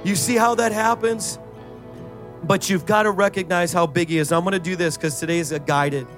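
A man's voice: high voice, steady tone, moderate pace, a bit bright, soft background music. A middle-aged male pastor preaching a sermon, rising into fervent, sing-song prayer and exhorting the congregation with repeated calls.

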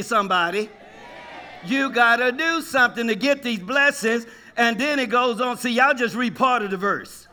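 A male preacher with a high, bright, ringing voice delivers a lively sermon. He throws questions at the congregation and waits for their answers. He breaks into joking impressions of the people he describes. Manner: call-and-response, asks the congregation questions; lively, jokes, mimics people.

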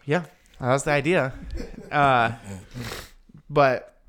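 A man chatting casually on a podcast, retelling an experience in an animated, slangy way and acting out the lines people said. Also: mid-range voice, slow, smooth. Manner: slangy, laid-back. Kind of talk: casual chat.

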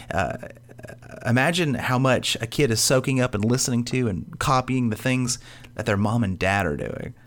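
A young man with a somewhat low voice delivers a relaxed, conversational sermon at church. He tells stories loosely, with plenty of ums and uhs, and earnestly repeats his main points for emphasis. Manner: casual storytelling with frequent fillers. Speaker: church speaker.

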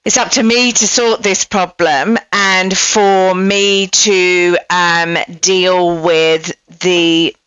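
A woman hosting a podcast interview, speaking in a thoughtful, measured way. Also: lowish voice, fairly even intonation, a bit bright, clean tone, no echo. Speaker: podcast host. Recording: dull dry podcast audio.

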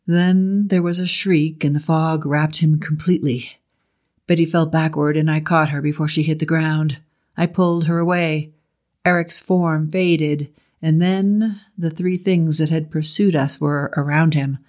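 A man narrating a first-person horror story in a steady, measured way. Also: a little high.

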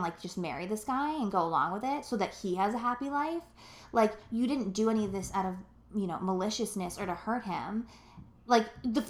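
Young woman, podcast co-host, casual rambling chat, lots of fillers and swearing, mid-pitched voice, echoey room. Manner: rambling, filler-heavy, profane and emotional. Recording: roomy echo.

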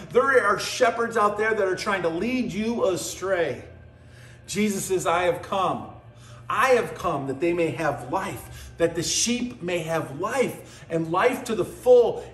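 A man preaching a sermon, stressing his points by repeating phrases. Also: high voice. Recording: echoey room with faint music.

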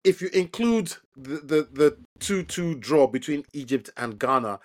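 A man's voice: fairly high pitch, lively intonation, unhurried. A man hosting a football podcast, often repeating words as he starts his questions. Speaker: host. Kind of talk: podcast sports discussion.

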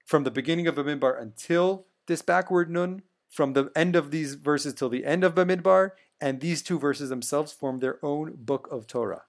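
Gravelly-voiced man explaining scripture. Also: fairly high pitch, moderate pace, few pauses. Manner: explanatory, poses questions to his co-host. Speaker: podcast co-host, Torah teacher. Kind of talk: conversational Torah study discussion.

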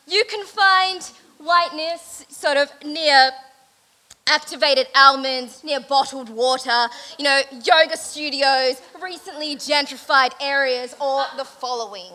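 A woman with a high voice delivers a deadpan, mock-earnest lecture, hedging with fillers. Her tone is bright and sharp as she speaks to an event crowd. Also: slow pace, rough recording.

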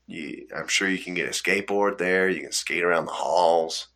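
A young man chatting casually, drifting through a long anecdote and acting out what people said along the way. His voice is fairly low but bright, and he laughs often as he talks. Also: moderate pace. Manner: rambling storyteller, laughs often, acts out quotes. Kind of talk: casual chat.

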